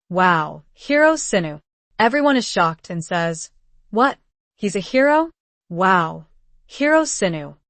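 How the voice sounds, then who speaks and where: A woman's voice: medium pitch, no room sound. Woman reading a manhwa recap. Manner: reads all characters' lines in the same flat narrating voice. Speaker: narrator.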